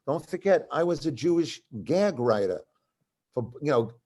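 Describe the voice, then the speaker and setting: At a live event in a cultural center venue, an older comedy writer tells stories, animatedly voicing the people in them when he quotes them. He speaks at normal speed in a fairly high-pitched voice.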